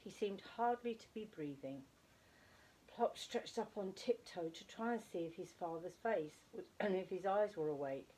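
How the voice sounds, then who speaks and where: A woman reading a children's story aloud with expressive delivery, slowing for emphasis. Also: mid-range voice.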